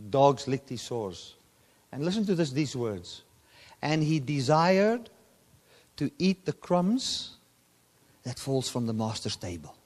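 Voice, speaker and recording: A man preaching a sermon, often swinging his voice from loud, high emphasis to low, quiet asides. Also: slow pace, pauses often. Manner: animated preaching, voice rising and dropping sharply for emphasis. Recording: long hall reverb.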